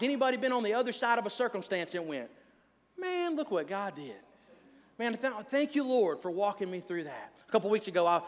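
A man in his thirties preaches to a congregation with a fairly high voice, telling stories in a loose, chatty manner. His words ring out with the long reverb of a big hall. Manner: conversational, animated storytelling with asides to the congregation. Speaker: pastor. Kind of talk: sermon with personal stories.

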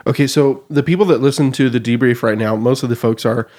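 A man's voice: medium pitch, fast talker, a little mellow. A man co-hosting a podcast, chatting casually and prompting the host with questions.

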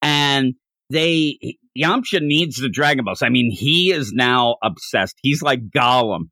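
A man hosting a podcast, recapping a comic chapter in casual chat with a rambling, animated way of telling it. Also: medium pitch, slow, no room sound. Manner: rambling, animated retelling with frequent restarts. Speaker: podcast host.

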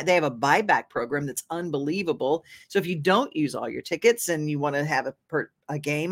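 A woman hosting a local talk show, chatting enthusiastically about events and sending hellos. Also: low voice. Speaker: host. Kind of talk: casual chat.

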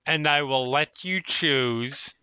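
A man's voice: mid-range voice, slow pace, bright, forceful tone, clean tone, dry recording, dull audio. A man running a tabletop game as dungeon master, narrating with amusement and frequent laughs.

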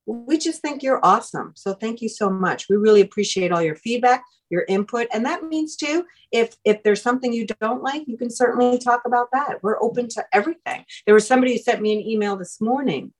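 Middle-aged lady hosting a podcast, chatty and lively, laughs a lot. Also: on the high side, fairly quick, hardly any pauses. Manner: chatty and animated, laughs easily. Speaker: podcast host. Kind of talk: casual chat.

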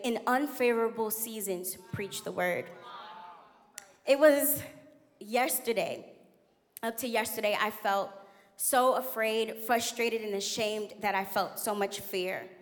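A young adult woman giving a candid, animated sermon as a guest preacher in a church. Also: a little high. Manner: animated, laughing, candid storytelling. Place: church sanctuary. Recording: long hall reverb.

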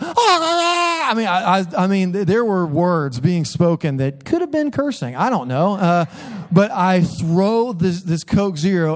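A middle-aged pastor preaches a sermon in a church sanctuary, telling a story punctuated by laughs and bursts of emphasis. His voice is a little high with a darkish tone.

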